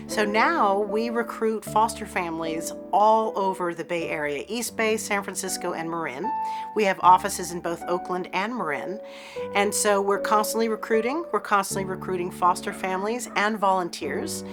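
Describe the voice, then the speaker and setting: A woman who directs an animal rescue, explaining its work steadily in an interview. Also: mid-range voice. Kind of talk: interview talk. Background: music.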